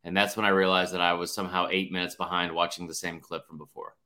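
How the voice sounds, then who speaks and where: A man co-hosting a college football podcast, talking in a rambling, animated way and swearing casually. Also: sits low, fast. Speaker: podcast co-host. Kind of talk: casual sports chat.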